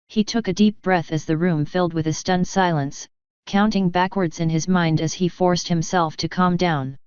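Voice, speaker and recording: Brief: woman narrator for fan fiction, low pitch, very smooth clear voice, dry lo-fi recording. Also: a little slow, no room sound. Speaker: fanfiction reader. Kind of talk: audiobook narration.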